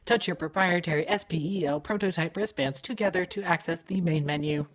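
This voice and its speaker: A man voicing a cheerful automated facility announcer in a brisk, chirpy tone for a tabletop game. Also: fairly high pitch, a bit bright, pitched above the performer's own voice, lightly acted. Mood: chipper.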